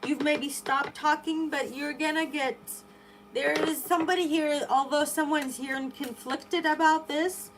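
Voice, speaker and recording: A woman's voice: high voice, a little slow, background noise. Chatty, exclaiming woman tarot streamer. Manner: exclaiming, animated and chatty, rambling with many restarts. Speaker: live tarot reader. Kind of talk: live stream chat reading viewer comments.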